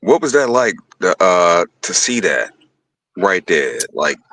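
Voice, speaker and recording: A man's voice: sits low, big pitch swings, slow pace, sharp tone, dry recording. A man in casual podcast chat, chiming in with laid-back, slangy comments. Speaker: podcast co-host.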